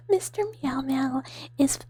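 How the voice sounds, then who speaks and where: A woman streamer doing a whispered role-play, chatting softly with viewers in a breathy whisper and giggling often. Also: high voice, no echo. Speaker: ASMR streamer.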